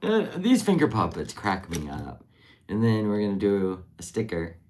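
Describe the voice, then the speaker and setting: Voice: low voice, huge pitch swings, moderate pace, a little mellow, slight background noise. A live-streamer chatting casually while finishing crafts, rambling and answering viewer comments as they come in. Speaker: livestream crafter.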